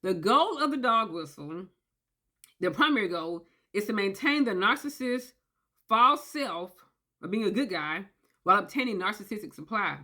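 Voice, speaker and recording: A woman giving a casual explainer, emphatic and animated, often checking in with "okay?" and acting out quoted voices. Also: medium pitch, moderate pace. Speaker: commentator on narcissistic abuse. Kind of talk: casual talking-head explainer.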